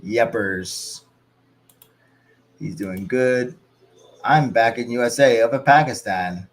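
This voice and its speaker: A man in his thirties from the United States, hosting a livestream and chatting casually as he reads out viewer comments. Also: mid-range voice. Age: 30s. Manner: chatty, reacts to chat in quick asides. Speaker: livestream host. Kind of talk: casual watch-along chat, reading viewer comments.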